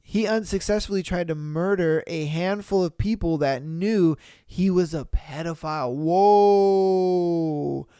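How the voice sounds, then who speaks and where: Slangy, animated male podcast host. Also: a little high, normal speed, hardly any pauses, clean tone, no room sound, studio quality. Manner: animated, slangy, exclaims often. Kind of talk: casual reading and reacting to listener stories.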